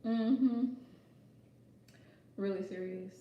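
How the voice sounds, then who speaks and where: A woman's voice: medium pitch, extremely slow, gravelly, dull audio. A playful woman hosting a casual livestream chat, joking and laughing often as she talks. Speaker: host. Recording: very echoey room.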